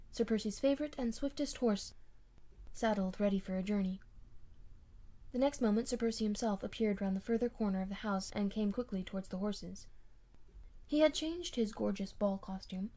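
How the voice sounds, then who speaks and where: A woman narrating a classic novel for an audiobook, in a measured, expressive storytelling manner with dramatic emphasis. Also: mid-range voice. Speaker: audiobook reader.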